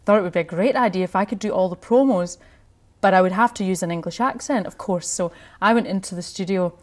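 A woman's voice: mid-range voice, fast. A middle-aged Scottish woman, a radio host, chatting in an interview with frequent laughs and restarts. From Scotland. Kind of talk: conversational interview.

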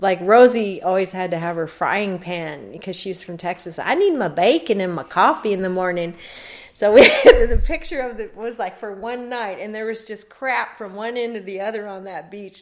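A middle-aged woman being interviewed, telling a long story casually with rambling asides. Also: fairly low pitch. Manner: rambling, animated, laughs while telling.

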